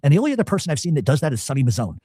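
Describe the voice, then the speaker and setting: Fast, animated man telling a profane story. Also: fairly high pitch, slightly rough, dry recording, studio quality. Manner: profane, animated, acts out quotes. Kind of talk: casual storytelling.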